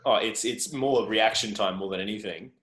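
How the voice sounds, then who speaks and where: A man's voice: fairly low pitch, moderate pace, fairly bright tone. An Australian man chatting as a podcast guest, rambling and self-deprecating. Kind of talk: casual interview chat. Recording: roomy echo.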